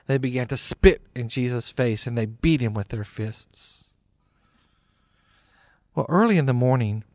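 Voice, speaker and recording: A man narrates a Bible story in an easy, conversational tone, mid-pitched, often leading in with "well". The recording is dry and close, with no room sound. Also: dry recording. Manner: plain, conversational, starts sentences with "well".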